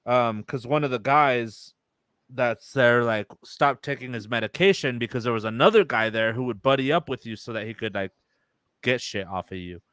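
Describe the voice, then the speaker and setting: A young man talks into a close microphone in a dry, dead room, his voice smooth and even. He tells a long story casually, swearing freely and acting out the lines of the people in it. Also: mid-range voice, normal speed, dry recording. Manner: retells a story with quoted voices, loose and profane. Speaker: podcast co-host.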